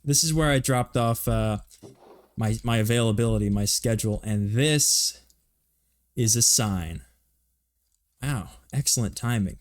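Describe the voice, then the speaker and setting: A man's voice: mid-range voice, unhurried, long pauses, no room sound. A young man chatting casually as a streamer while he plays, rambling and poking fun at himself. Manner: chatty, rambling, self-mocking. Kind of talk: casual live-stream commentary while gaming.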